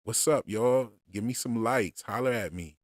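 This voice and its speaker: A man chatting casually on a livestream about show theories, relaxed and unhurried, with lots of fillers and restarts. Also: mid-range voice, no room sound, clean studio sound. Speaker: streamer discussing show theories.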